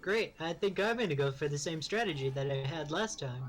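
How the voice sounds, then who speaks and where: A man's voice: on the high side, lively intonation, fairly quick, fairly bright tone. A man making sarcastic jokes in casual gaming banter over voice chat. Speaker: gamer on stream.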